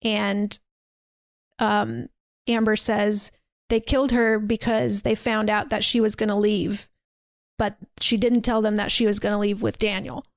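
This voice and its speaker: A woman's voice: mid-range voice, little pitch movement, a little slow, no echo. A woman podcast host casually retelling a movie's scenes, acting out quoted lines with plenty of swearing. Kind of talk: casual chat.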